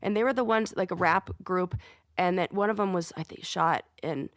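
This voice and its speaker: A woman co-hosting a podcast in casual chat, telling stories quickly and with animation. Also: fairly low pitch, dry recording, studio quality. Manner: fast-talking, animated storytelling. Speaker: podcast co-host.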